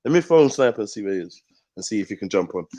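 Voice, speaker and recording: A man's voice: on the low side, lively intonation, rapid-fire, mellow. A man hosting a casual livestream, teasing his guests and laughing often. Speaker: livestream host.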